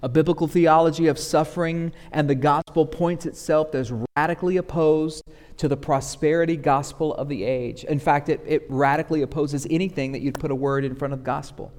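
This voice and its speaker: Preacher in a ringing hall. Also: male voice, fairly even intonation, brisk. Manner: swings from loud pleading to hushed low tones. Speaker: pastor. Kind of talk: sermon. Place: church sanctuary. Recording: long hall reverb.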